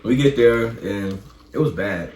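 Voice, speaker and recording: A young man joining a vlog as co-host, telling a story in a relaxed, slangy way with laughs. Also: on the low side, a little slow. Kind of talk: casual storytelling. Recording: echoey room with faint hum.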